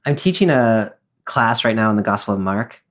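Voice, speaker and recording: A man's voice: lowish voice, animated, moderate pace, fairly bright tone. A man co-hosting a Bible podcast who also teaches a class, explaining context eagerly in casual talk. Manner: enthusiastic, explanatory, many fillers. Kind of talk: casual discussion of a Bible passage.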